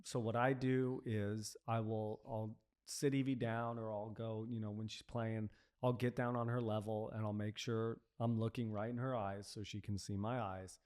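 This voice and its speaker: A man's voice: on the low side, flat delivery, moderate pace, few pauses, a little mellow, clear, resonant tone. A man in his thirties, a father and podcast guest, speaking reflectively and earnestly with a dry sense of humor. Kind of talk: casual podcast discussion.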